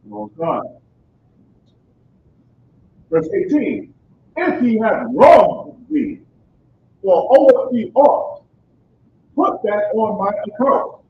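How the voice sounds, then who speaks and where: A man reading Bible verses aloud in a slow, measured way during a study session. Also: high-pitched, very animated, gravelly. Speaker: scripture reader. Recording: roomy, distant, dull sound with faint noise.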